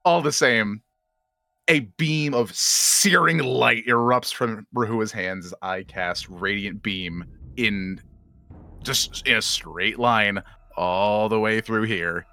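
A man playing a tabletop game, animated and excitable as he describes his character's spell. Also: fairly low pitch, slow pace, dry recording. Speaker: player.

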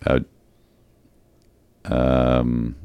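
A man co-hosts a podcast, chatting and telling stories while laughing easily. His voice is very deep. The sound is dry, with no room around it. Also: completely flat delivery, extremely slow, gravelly, mellow, smooth, no echo. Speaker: podcast co-host. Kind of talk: casual chat.

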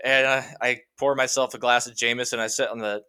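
A Washington state guest speaks fairly quickly in a mid-range voice that is clear and resonant. He's caught up in an animated, meandering personal anecdote, dotted with "you know" and "like" as he chats.

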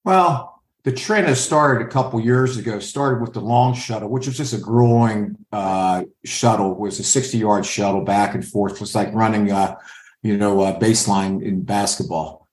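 A man's voice: on the low side, moderate pace, a little mellow. An older man working as a scout, answering interview questions with anecdotes and acting out what other people said. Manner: storyteller who acts out others' lines. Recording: roomy echo.

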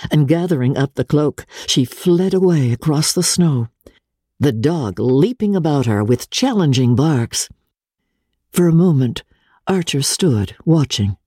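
A woman giving a measured, expressive dramatic reading of a classic novel on a close studio mic. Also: very deep voice, breathy edge, no echo. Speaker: reader.

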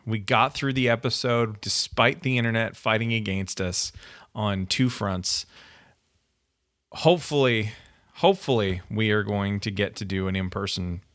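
A man co-hosting a casual book podcast, talking in a relaxed, easygoing way over a remote call. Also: fairly low pitch, a little slow, pauses often, no echo, clean studio sound. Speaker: podcast co-host. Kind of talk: casual chat.

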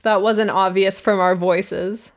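A woman's voice: mid-range voice, fairly even intonation, slow. Wry Canadian woman recapping a show. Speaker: podcast co-host. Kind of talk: casual chat recap. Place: room at home.

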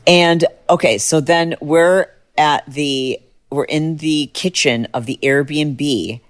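A middle-aged woman hosting a podcast, chatting casually and telling a story with lively jumps in pitch when excited. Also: takes it slowly. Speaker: podcast host. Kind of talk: casual chat.

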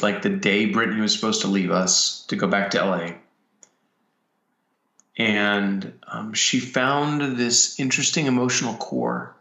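A man, a filmmaker, reflecting in a personal way, talking haltingly with frequent pauses and restarts. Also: fairly low pitch, bright, forceful tone. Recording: roomy, dull lo-fi sound.

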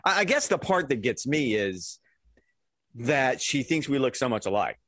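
A man's voice: medium pitch, very animated, moderate pace, a bit bright, dry recording. Easygoing man in his fifties on a podcast. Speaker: podcast co-host. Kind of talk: casual podcast chat.

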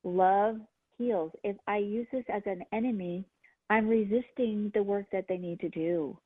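A middle-aged woman, a guest, telling her personal story in an earnest, halting way with many restarts. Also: medium pitch, husky, no echo. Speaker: guest, healer and medium. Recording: phone-line sound, dry.

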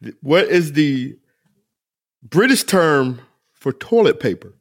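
A man's voice: on the high side, very animated, slow pace. A man co-hosting a podcast segment, rambling and repeating himself, laughing often. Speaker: co-host running a segment. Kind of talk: casual podcast banter.

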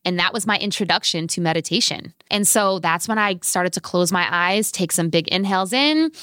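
A woman's voice: on the low side, fairly quick, no room sound, studio quality. A woman in her thirties, a fitness instructor, telling stories animatedly as a guest in a podcast interview. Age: 30s. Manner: animated, vivid storyteller.

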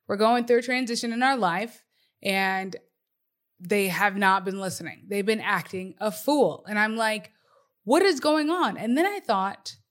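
A woman in her thirties hosting a podcast, talking about faith in an animated, conversational way with lots of "like" and "right". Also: medium pitch. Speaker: podcast host. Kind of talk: casual faith talk.

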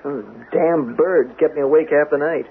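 An actor playing an energetic, cheerful male weekend guest in a 1970s radio drama. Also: on the high side, a little hiss or hum, close to an everyday voice. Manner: brisk, cheerful. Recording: narrow-band old radio broadcast.

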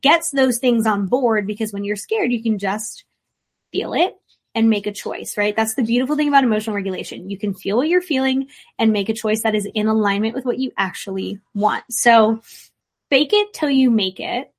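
A woman therapist hosts her podcast in a loose, chatty way. She is blunt and swears freely, and her voice sits a little high as she tosses off playful asides. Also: moderate pace. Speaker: licensed therapist, podcast host. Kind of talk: casual podcast monologue.

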